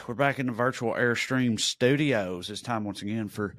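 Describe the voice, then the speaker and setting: A man's voice: medium pitch, normal speed, fairly bright tone, no echo. A man hosting a comedy podcast, joking about himself in casual chat and trailing off with fillers. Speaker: podcast host.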